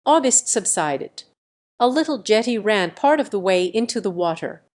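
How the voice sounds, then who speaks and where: This is scripted audiobook narration of a classic novel by a woman of medium pitch, who tells the story in a steady, measured manner.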